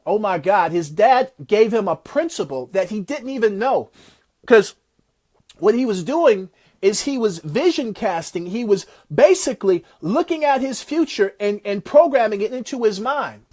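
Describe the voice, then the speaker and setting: A man giving a motivational talk, retelling a success story in an animated, preacher-like way. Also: sits high, moderate pace. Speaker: motivational speaker.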